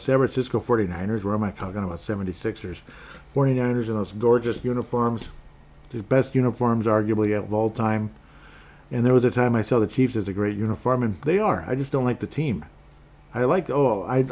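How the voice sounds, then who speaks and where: A man's voice: medium pitch, fairly quick, darkish tone. A man from Minnesota hosting a sports podcast, rambling casually with sarcastic asides and frequent restarts.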